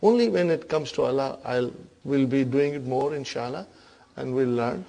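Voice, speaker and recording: A man's voice: mid-range voice, moderate pace, gravelly, mellow. A man teaching an Arabic grammar class, quizzing his students with repeated questions.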